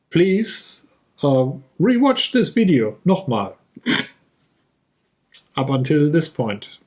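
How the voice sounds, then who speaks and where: Man, fairly high voice, goofy rambling podcast co-host. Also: sing-song, very slow, pauses often, darkish tone. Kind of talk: casual chat.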